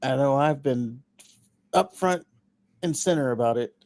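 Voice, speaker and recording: A man's voice: medium pitch, unhurried, darkish tone, no room sound. A man co-hosting a podcast in casual chat, boastful and joking with his partner. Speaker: podcast co-host.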